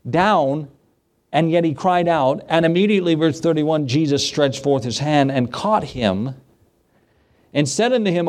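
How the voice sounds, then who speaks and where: A male pastor delivering a lively sermon in a voice pitched a touch above the usual. He asks the congregation questions and drops into casual asides between the scripture passages. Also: moderate pace. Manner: animated preaching that acts out the quoted voices; conversational asides and rhetorical questions.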